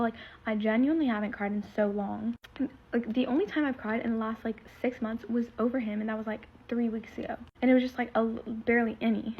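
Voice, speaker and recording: Fast-talking teen girl spilling drama. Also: on the high side, a little hiss or hum. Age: teens. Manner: rambling, filler-heavy, emotional retelling. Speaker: storyteller. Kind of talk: casual storytime vlog. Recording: slightly muffled lo-fi recording.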